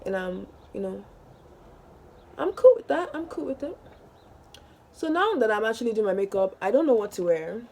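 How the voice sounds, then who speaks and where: A woman's voice: mid-range voice, lively intonation, fairly quick, darkish tone, slight background noise. A young woman talks straight to her viewers in a loose get-ready-with-me vlog. She rambles through a story with constant fillers and breaks into laughter often. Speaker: vlogger.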